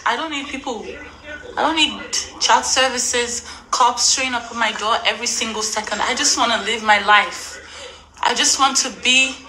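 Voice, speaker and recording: A woman's voice: medium pitch, pushed and bright, rough recording. A young woman from Africa venting to her camera, indignant and emotional, repeating herself as her voice breaks. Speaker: vlogger. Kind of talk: emotional direct-to-camera rant.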